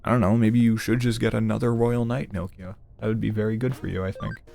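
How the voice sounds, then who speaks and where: A man's voice: on the low side, little pitch movement, quick pace, vocal fry, warm tone, faint music behind. A man streaming a video game, chatting casually and thinking aloud as he plays. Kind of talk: casual gameplay commentary.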